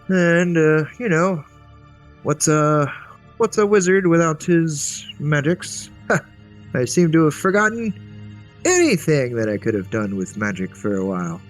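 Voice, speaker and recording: An absent-minded old wizard rambles along, as a man puts him on in a raised voice that swings widely up and down. He talks slowly and cheerfully, losing his thread, over faint background music. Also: fairly high pitch, sing-song, pitched above the performer's own voice. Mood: musing, cheerful. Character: befuddled old male wizard, rambling and forgetful.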